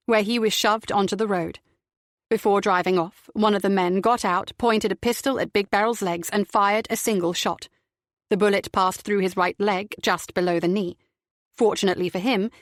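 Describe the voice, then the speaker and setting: A woman narrating a crime novel audiobook in a steady, measured reading. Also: medium pitch, dry recording, clean studio sound.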